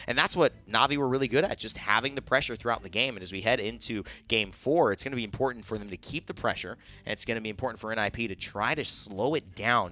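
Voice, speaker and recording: A man casting a professional esports match, joking with his co-caster before breaking down the game. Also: lowish voice. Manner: joking, animated banter that shifts into quick analysis. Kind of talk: live esports commentary.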